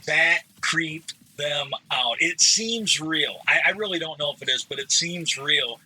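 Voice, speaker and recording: A man's voice: fairly high pitch, expressive, a little slow, pushed and bright, breathy edge, low-quality recording. A man streaming a game and telling a rambling, profane story with a lot of hedging. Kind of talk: casual storytelling while gaming.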